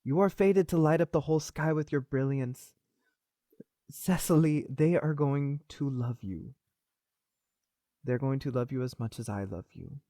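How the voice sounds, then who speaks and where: Kindly old hunched dwarf priest, fatherly and soft, voiced by a man GM; dry recording. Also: mid-range voice, unhurried, long pauses, dry recording, pitched above the performer's own voice, close to an everyday voice. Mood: tender. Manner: tender, fatherly, tearful.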